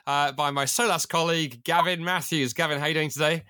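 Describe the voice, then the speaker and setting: Brief: male host, bright forceful tone, playful and chatty, lively pitch. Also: fast, clear, resonant tone. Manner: jovial, chatty. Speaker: podcast host. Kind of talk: casual podcast hosting.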